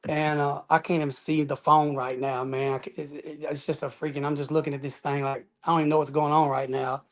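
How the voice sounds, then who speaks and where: A man's voice: a little high, level tone, brisk. A man telling his personal testimony as an interview guest, earnest and emphatic, often adding "man" and "y'all".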